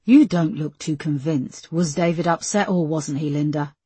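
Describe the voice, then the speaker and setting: A woman voicing a calm male police detective who coaxes and presses a suspect. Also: sits low, normal speed, husky, dry recording. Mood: coaxing. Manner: coaxing, pressing.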